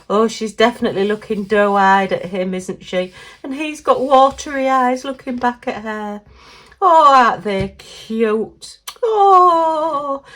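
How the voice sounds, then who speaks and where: Chatty, giggly woman. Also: on the high side. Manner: chatty, exclaiming, giggly, talks to herself. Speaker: craft vlogger. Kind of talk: casual unboxing chat.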